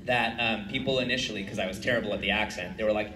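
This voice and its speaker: A man's voice: fairly low pitch, racing. A man, a voice actor on a convention panel, telling stories with lots of laughter. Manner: animated storyteller, laughs often. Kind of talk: casual panel chat. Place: convention hall stage. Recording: echoey hall with crowd, distant mic. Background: audience crowd.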